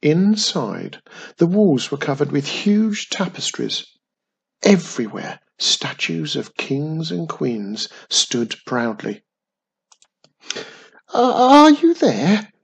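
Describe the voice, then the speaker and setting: Brief: male children's storyteller, breathy tone, lively pitch. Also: slow.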